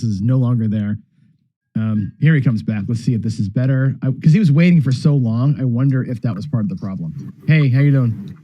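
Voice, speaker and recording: A man hosting a live gambling charity stream, rambling casually and clearing his throat as he talks. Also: mid-range voice, warm tone, dry recording. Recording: dull, dry lo-fi stream audio.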